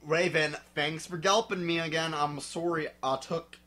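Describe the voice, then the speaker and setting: A young man giving a comic dramatic reading, sniffly, swinging from mumbling to shouting. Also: a little high, fairly even intonation, moderate pace. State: drinking, sniffly. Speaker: reader.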